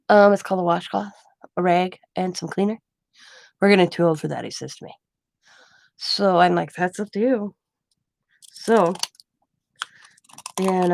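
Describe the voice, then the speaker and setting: Gravelly chatty woman telling a story. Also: medium pitch, a little mellow, no echo. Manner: chatty storytelling, acting out quoted lines; laughs often mid-sentence. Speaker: craft vlogger. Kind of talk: casual chat. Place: home.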